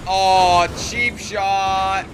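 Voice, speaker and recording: A man's voice: high voice, fairly even intonation, extremely slow, noisy background. A man giving casual, profane, sarcastic commentary while playing a video game. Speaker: gaming commentator. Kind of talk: casual let's-play commentary. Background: game music and sounds.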